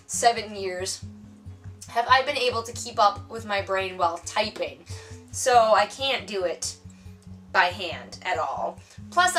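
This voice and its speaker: A woman's voice: on the high side, sharp tone, distant mic. A woman author chatting casually through tag questions on her vlog, playful and self-mocking. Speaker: author vlogger.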